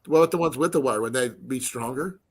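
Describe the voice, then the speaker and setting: A man's voice: medium pitch, fast talker, slightly rough. A man hosting a casual livestream chat, joking around and sometimes hunting for the right word. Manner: joking, searching for words. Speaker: livestream host.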